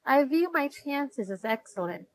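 A woman's voice: high-pitched, very animated, unhurried, no echo, full character voice. Woman doing a know-it-all clever boy. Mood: smug.

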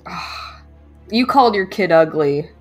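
A woman's voice: lowish voice, expressive, unhurried, darkish tone. A young woman streamer chats playfully through a dating game, giggling often. Her nose is slightly stuffy, and faint background music plays under her voice. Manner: playful, giggly, reads dialogue aloud. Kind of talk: casual gameplay commentary.

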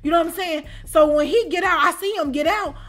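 This storytime channel host, a woman with children, has a high voice and talks fairly quickly while sharing a personal story in relaxed, casual storytime chat. Animated throughout, she keeps checking whether listeners follow, asking "you know what I'm saying?"

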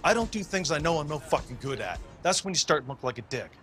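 An actor playing a dry, blunt, matter-of-fact trailer park leader. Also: male voice, on the high side, very animated, fast, a bit bright, soft background music.

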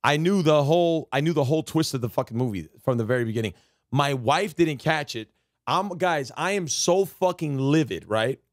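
A man's voice: on the high side, lively intonation, normal speed, no room sound, studio quality. Profane man ranting on a stream. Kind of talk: casual live-stream rant.

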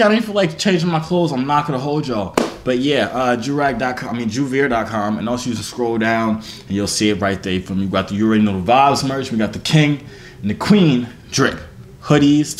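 A man's voice: medium pitch, fairly quick, a little hiss or hum. A young man vlogging casually to camera, laid-back and slangy, joking as he talks. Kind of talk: casual vlog talk to camera.

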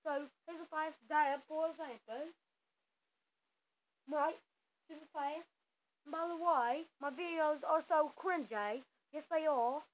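A woman's voice: high-pitched, slow pace, pauses often. An American woman vlogger chatting playfully through viewer dares while putting on a mock British accent, rambling and joking at her own expense. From United States. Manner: playful, rambling, self-mocking. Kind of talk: casual, goofy video chat. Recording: dull lo-fi audio with faint hiss.

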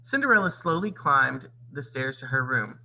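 A man reads a children's storybook aloud in an expressive, teacherly way, his voice rising and falling a lot. The tone is bright with a gravelly grain. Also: medium pitch, moderate pace, a little hiss or hum, low-quality recording. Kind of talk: read-aloud storybook narration with comments.

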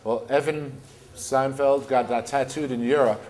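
A man's voice: mid-range voice, fairly even intonation, measured pace, a little mellow. An American musician, a man, talking casually and swearing in an interview.

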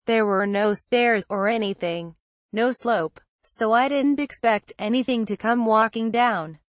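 A woman narrating a first-person horror story in a steady reading voice. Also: a little high, measured pace, dry recording.

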